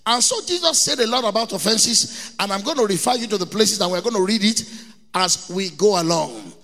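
Middle-aged Nigerian man, pastor delivering an emphatic sermon, high gravelly voice. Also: expressive, a little fast, bright, forceful tone, big-room sound. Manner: emphatic preaching, repeats key words, mimics people in anecdotes.

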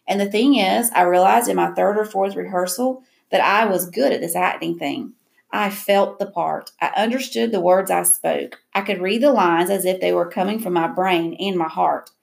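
A woman reading a first-person novel aloud in an even, reflective way. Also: on the low side, normal speed, vocal fry. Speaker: audiobook narrator.

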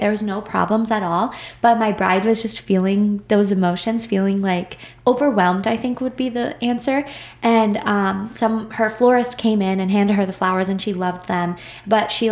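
A woman speaking at a middle pitch in a relaxed, chatty podcast conversation. She works wedding hair and makeup, and she often quotes what she said to people. Her voice carries a roomy echo. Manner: chatty, lots of fillers, quotes herself. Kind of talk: casual chat.

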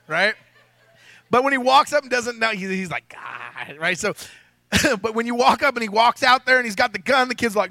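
A man's voice: very high voice, big pitch swings, moderate pace, vocal fry, bright, forceful tone, dry recording. A pastor preaching a sermon to his congregation, joking and talking casually, often asking the crowd "right?". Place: church hall with a congregation.

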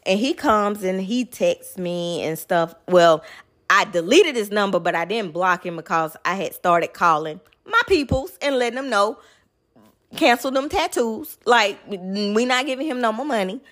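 A young woman telling a personal story in casual chat, lively and swearing freely. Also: medium pitch, a little slow. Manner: animated, addresses listeners as y'all, swears freely.

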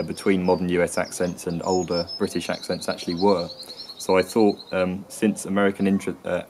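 A man explains the history of English accents in a casual teaching tone. His voice is very low and barely moves in pitch. He pauses often and fills the gaps with ums and restarts. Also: a little mellow, slight background noise. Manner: hesitant, full of ums and restarts. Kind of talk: casual educational talk.

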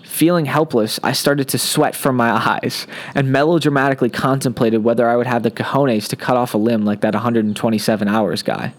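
A man's voice: mid-range voice, steady tone, a little fast, few pauses. A man hosting a podcast, reading aloud from his own comic science-fiction story in a playful, wisecracking manner. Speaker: podcast host and fiction author.

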